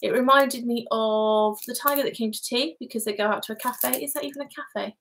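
Woman with a slightly high voice, hosting a live craft stream, casual, chatty and giggly, with rambling asides. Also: fairly even intonation, brisk, fairly bright tone, a little hiss or hum, poor audio. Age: adult parent. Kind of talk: casual live chat, reading viewer comments.

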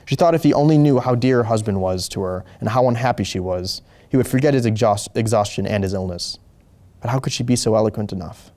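Low, mellow male storyteller. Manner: slow, deliberate, occasional slips. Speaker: host reading a story aloud. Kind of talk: measured story narration.

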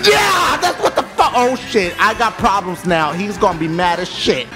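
Hyped, high-voiced profane game commentator man. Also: expressive, normal speed. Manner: loud, profane trash talk, frequent yelling and laughter. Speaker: gaming commentator. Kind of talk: excited let's-play commentary. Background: game music.

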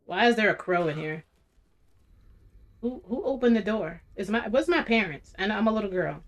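A woman's voice: medium pitch, animated, normal speed. A woman streamer giving casual, chatty commentary while playing a video game. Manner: chatty, talks to viewers. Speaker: gaming streamer.

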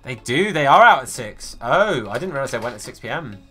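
A man's voice: medium pitch, sing-song, a little fast, a bit bright, slightly rough, soft background music. A man streaming a football video game, chatting casually with viewers and greeting them by name. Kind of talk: live gaming stream chat.

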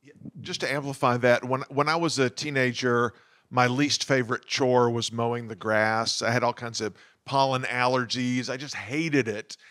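A man's voice: mid-range voice, steady tone, moderate pace, fairly bright tone. A middle-aged man on a faculty panel, making points through joking personal stories. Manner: jokey, conversational, illustrates with personal stories. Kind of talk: panel talk with everyday anecdotes. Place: lecture room at an institute.

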